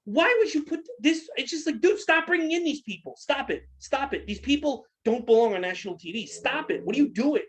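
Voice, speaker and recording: A man's voice: very high voice, animated, a little fast, hardly any pauses, slight background noise. A man co-hosting a casual podcast, ranting angrily and profanely, firing repeated questions. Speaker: podcast co-host.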